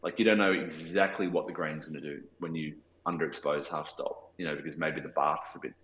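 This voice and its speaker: In a laid-back interview, a cinematographer in his forties with an Australian accent thinks aloud, stumbling through restarts and fillers. His extremely low voice stays steady, a little fast and a bit bright, heard through a roomy, rough recording.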